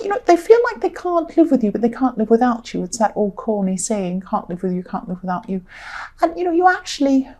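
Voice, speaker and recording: A tired woman with a croaky voice, giving a rambling tarot reading and repeating herself often. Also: mid-range voice, mellow. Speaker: tarot reader.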